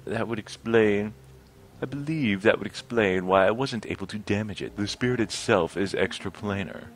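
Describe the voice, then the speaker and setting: A man's voice: fairly low pitch, normal speed, pitched above the performer's own voice, close to an everyday voice. A man reading the lines of a flamboyant painted male elf from a computer game in his own voice. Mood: teasing. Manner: reads plainly, says he can't do voices.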